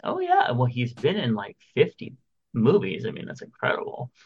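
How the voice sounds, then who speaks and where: A man's voice: medium pitch, huge pitch swings, normal speed, a little mellow, breathy edge, highs cut off. A man co-hosting a podcast in casual chat, reading out birthdays and listener messages. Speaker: podcast co-host.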